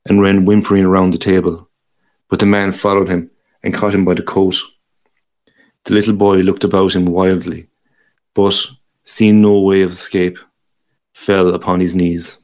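A man reading a short story aloud in a measured, deliberate way. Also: low-pitched, level tone, darkish tone. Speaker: reader.

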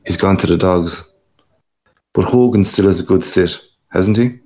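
A man voicing a timid, modest old friend who answers quietly and curtly. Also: sits low, a little slow.

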